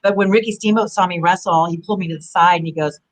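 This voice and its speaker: A woman in her forties, a former wrestler and guest, telling rambling, animated stories full of "you know". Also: fairly low pitch, quick pace, low-quality recording. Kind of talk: casual interview storytelling.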